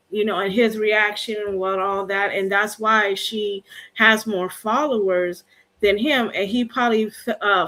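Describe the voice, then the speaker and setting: A woman's voice: mid-range voice, fairly bright tone. A woman on a talk panel giving her opinion in a rambling way with lots of fillers. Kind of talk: casual panel chat.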